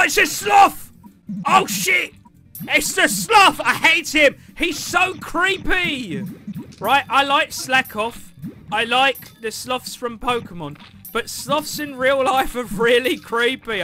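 A young British man commentating a game live, with a very high, bright voice that leaps around a lot as he reacts loudly and jokes with his viewers. Faint music plays under him. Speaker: streamer.

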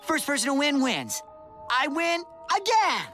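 A woman's voice: sits high, very animated, a little slow, fairly bright tone, soft background music, heavily acted. An actress voicing a gleeful, boastful little boy in a cartoon. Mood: gleeful boasting.

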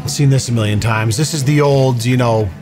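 A man with an ordinary mid-pitched voice hosts a reaction commentary. He riffs sarcastically on clips, switching into mock-serious, deadpan rants. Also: a little fast, music in the background. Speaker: commentary video host.

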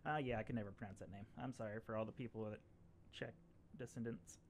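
This is a man chatting beside his co-host, tossing in quick jokes. His voice is gravelly and full of fry, and he talks at a brisk clip. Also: on the low side, steady tone, a little hiss or hum. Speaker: podcast co-host. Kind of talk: casual chat.

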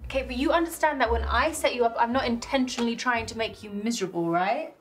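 A pushy young matchmaker in a comedy series, played by an actress, with a somewhat high voice. She sounds defensive and insistent. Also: quick pace, faint music behind, lightly acted.

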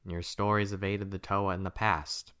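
Man doing a cold, low ice warrior. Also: little pitch movement, normal speed, fairly bright tone, clear, resonant tone. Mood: icy. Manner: icy, curt, suspicious.

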